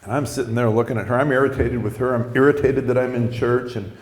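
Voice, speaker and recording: A male preacher tells a story in an animated way, acting out the people in it. His voice is mid pitched. The sound rings around an echoey church hall. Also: fast. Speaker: preacher telling his testimony. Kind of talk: storytelling sermon.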